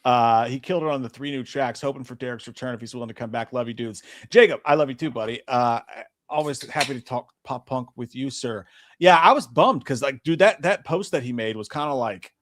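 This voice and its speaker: A man with a mid-range voice and brisk delivery co-hosts a live movie-talk stream as a podcast co-host. In this casual live-stream chat, he swears a lot and tells stories with animated energy.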